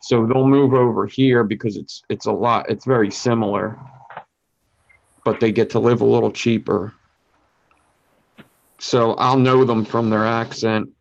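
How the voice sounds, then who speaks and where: A man's voice: medium pitch, fairly even intonation, unhurried, gravelly, long pauses, a little hiss or hum. A young man with a Philadelphia accent chatting casually and easily about shows. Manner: easygoing, chatty recommending. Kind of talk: casual chat. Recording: dull lo-fi recording.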